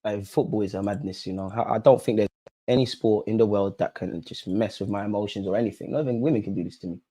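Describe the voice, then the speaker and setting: A young man hosting a live football watch-along, swinging between low muttering and yelling at the referee. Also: fast. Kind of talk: live match reaction.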